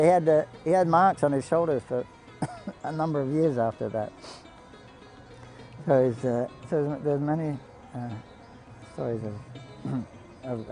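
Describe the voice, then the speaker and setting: Dark-voiced man telling devotional stories. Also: medium pitch, steady tone, faint music behind, poor audio. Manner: anecdotal, halting, quotes people in the story. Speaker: devotee storyteller on a pilgrimage broadcast. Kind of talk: devotional storytelling talk.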